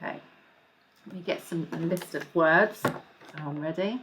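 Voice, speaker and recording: A woman teaching an online music lesson to children, speaking in an encouraging, clear way and slowing down to model words and clapping. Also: deep voice, heavy background noise.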